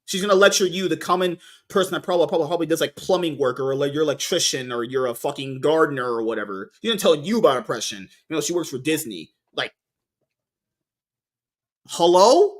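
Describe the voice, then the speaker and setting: A man's voice: fairly high pitch, very fast, hardly any pauses. A man hosting a casual podcast, rambling and swearing, often restarting his sentences. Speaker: podcast host.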